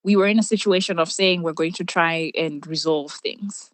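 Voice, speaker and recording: Young woman guest, animated storyteller, laughs a lot, dry close sound. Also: lowish voice, normal speed, no echo. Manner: animated, laughs often, restarts sentences. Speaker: podcast guest. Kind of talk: candid storytelling in conversation.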